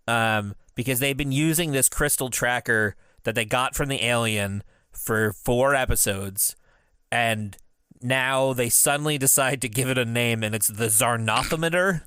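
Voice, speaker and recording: A man's voice: medium pitch, bright, forceful tone, smooth, dry recording, clean studio sound. A man in his thirties co-hosting a podcast, recapping episodes in a laughing, enthusiastic casual chat. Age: 30s. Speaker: podcast co-host.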